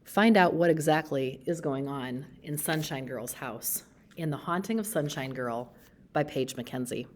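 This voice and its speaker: A woman who works as a school librarian gives a book talk presentation, explaining each book in a friendly way with pauses. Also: low voice, a little hiss or hum.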